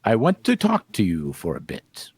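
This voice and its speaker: A man voicing a cocky male coyote vampire slayer in a comedic fanfiction table read, with a slow, puffed-up drawl. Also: on the low side, wildly swooping pitch, slightly rough, no echo, pitched below the performer's own voice, heavily acted. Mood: boastful.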